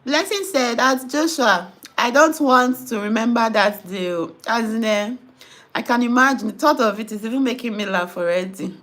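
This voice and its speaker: Young Nigerian woman, high voice, animated casual storyteller. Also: moderate pace. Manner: animated storytelling, mixing in pidgin. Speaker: nurse and host. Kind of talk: casual chat reading comments.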